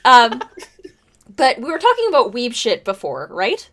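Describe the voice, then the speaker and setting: A woman's voice: on the high side, huge pitch swings, a little slow, sharp tone. A woman hosting a casual livestream chat, laughing, swearing and rambling. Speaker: podcast host.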